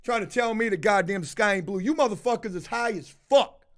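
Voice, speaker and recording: High-voiced man ranting with nonstop swearing. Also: fairly quick. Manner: loud, belligerent, heavy swearing, addresses viewers as folks. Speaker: video host. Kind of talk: profane ranting storytime.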